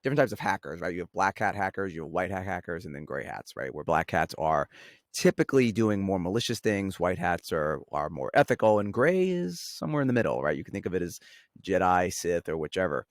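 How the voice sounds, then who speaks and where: Low-voiced man with a New York accent. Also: very animated, fairly quick, no echo, clean studio sound. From Staten Island, New York. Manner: explanatory, uses "right?" often. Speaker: podcast guest. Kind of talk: casual chat.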